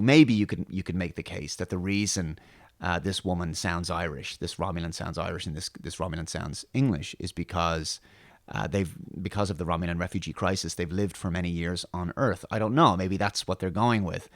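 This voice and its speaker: A man with a lowish voice hosts his own show and rambles through a casual commentary rant. He is sarcastic and mocking, circling back with restarts and asides. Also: no room sound, clean studio sound. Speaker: host.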